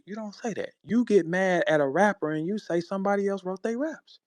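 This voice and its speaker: A man with a St. Louis accent calling out a rival in a heated, profane monologue, tossing in "bro" and "man" and swinging from low muttering to loud high outbursts. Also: lively intonation, brisk, few pauses, no echo. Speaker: battle rapper addressing a rival. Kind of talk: heated monologue on a live audio space.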